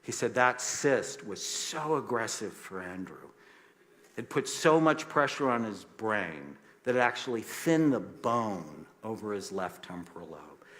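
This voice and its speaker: Animated male storyteller with soft grave drops. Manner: animated storyteller, acts out quoted voices, drops soft and low for grave moments; emphatic, passionate. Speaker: psychiatrist. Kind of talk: storytelling talk.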